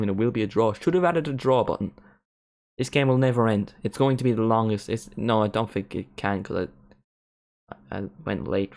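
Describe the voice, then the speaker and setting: A man's voice: medium pitch, creaky, darkish tone. A young man streaming a football watchalong, chatting casually with lots of "like" fillers. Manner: rambling, many "like" fillers, sings along at times. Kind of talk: casual live commentary and chat.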